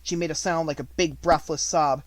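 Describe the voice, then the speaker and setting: Male reader for a classic novel, raised pitch, dry close recording, expressive measured storytelling. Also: no echo. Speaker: audiobook reader. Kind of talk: reading a novel aloud.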